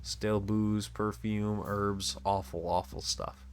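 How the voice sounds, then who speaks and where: A man's voice: on the low side, level tone, takes it slowly. A man voicing a cheerful, chatty family man in a game, telling long rambling jokes. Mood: gossipy. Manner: rambling jokey storytelling.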